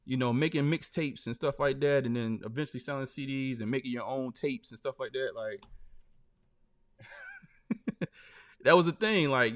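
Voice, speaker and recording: In casual live-stream chat, a male host tells stories in a loose way, dropping "man" and "like" here and there. His voice is medium-pitched and a bit bright.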